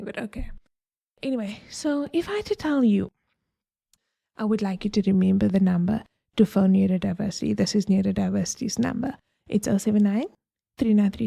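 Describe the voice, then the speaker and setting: Chatty woman with a gravelly, mellow voice. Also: mid-range voice, no room sound, studio quality. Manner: chatty, digressive, uses homely analogies. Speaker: podcast host. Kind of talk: casual explanatory talk.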